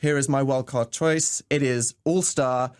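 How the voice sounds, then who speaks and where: A man's voice: medium pitch, steady tone, unhurried, clean tone, no echo, studio quality. A young man co-hosting a radio show, bantering playfully with sarcastic, theatrical outbursts. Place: radio studio.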